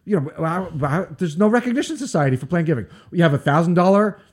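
Male podcast host, chatty, playful, on the higher side. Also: fast talker, breathy edge. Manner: chatty, playful, animated, mocks accents in jest. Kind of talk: casual interview chat with live shout-outs.

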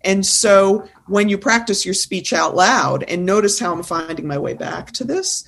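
A woman's voice: mid-range voice, animated, normal speed, creaky, a bit bright. A woman speaking coach in a podcast conversation, talking in an emphatic, insistent, teacherly way.

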